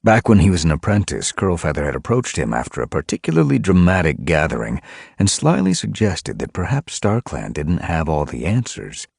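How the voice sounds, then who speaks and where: A man narrating an audiobook with expressive delivery. His voice is very low with a gravelly, husky texture, and his pitch moves a lot. The recording is dry and close. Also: moderate pace, dry recording. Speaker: audiobook reader.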